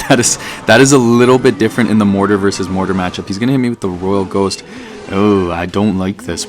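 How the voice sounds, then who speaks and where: A man giving casual, excitable live commentary over his own gameplay as a gaming channel host. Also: fairly low pitch. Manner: casual, chatty, excitable, fillers and "dude".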